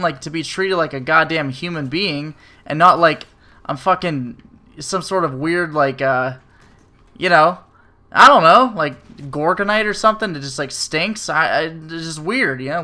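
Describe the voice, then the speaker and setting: A restaurant server tells a story in a slightly high, bright, pushed voice at a moderate pace. It's a casual rant about bad service, full of profanity, sarcasm and filler words.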